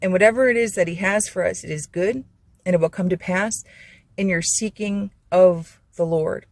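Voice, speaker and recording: A woman's voice: fairly low pitch, normal speed, darkish tone, no echo. A woman hosting a Christian channel, giving an earnest, rambling devotional talk full of fillers and restarts. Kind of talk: informal devotional talk to camera.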